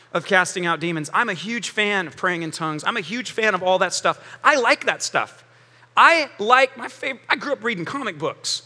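Male pastor preaching in a lively, joking way, bright tone. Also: sits high. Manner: animated, joking preaching with acted quotes. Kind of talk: sermon. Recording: long hall reverb.

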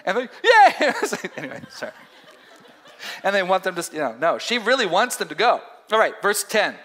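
A man teaching a Bible passage in an animated, conversational, emphatic sermon. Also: high voice, moderate pace, breathy edge. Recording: echoey hall.

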